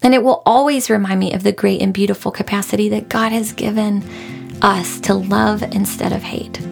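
Gravelly-voiced woman, heartfelt podcast host. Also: medium pitch, fairly even intonation, normal speed, a little mellow, soft background music. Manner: heartfelt, emotional, earnest. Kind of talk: casual book review monologue.

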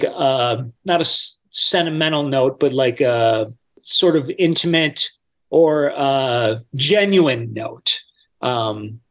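Man, voice-over coach, slightly high voice, chatty, step-by-step explaining. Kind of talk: podcast interview answers.

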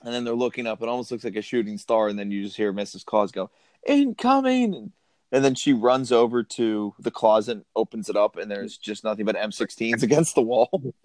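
Lowish-voiced guy cohosting a movie podcast, laughing a lot, dry close sound. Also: fairly even intonation, a little fast, a little mellow, no room sound. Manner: laughs often, acts out quotes. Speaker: podcast co-host. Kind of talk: casual chat about a movie.

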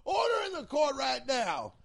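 A man's voice: very high-pitched, huge pitch swings, unhurried, vocal fry, no room sound, raised voice, voice pushed up, full character voice. A man voicing a blustering, pompous male courtroom judge who bellows his rulings in a theatrical, bombastic way. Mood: bellowing, grandiose.

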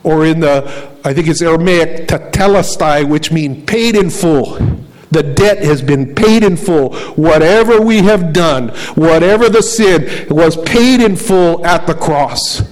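A male preacher delivering a sermon, firing off rhetorical questions and slowing down to repeat key phrases. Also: a little high, a little mellow, poor audio.

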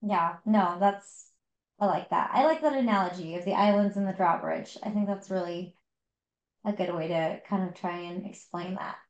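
A woman's voice: fairly low pitch, moderate pace, roomy sound, dull audio. A woman co-hosting a podcast, chatting casually about a book with lots of fillers and restarts. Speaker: podcast co-host. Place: home.

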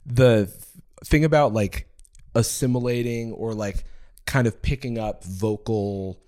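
A man's voice: on the low side, unhurried, warm tone. A young man co-hosting a podcast, talking thoughtfully in a casual chat with some hesitant fillers. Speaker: podcast co-host.

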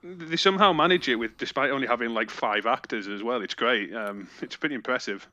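A man's voice: medium pitch, fairly quick, bright, forceful tone, dry recording, highs cut off. A man co-hosting a casual podcast chat, making wry remarks. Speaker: podcast co-host.

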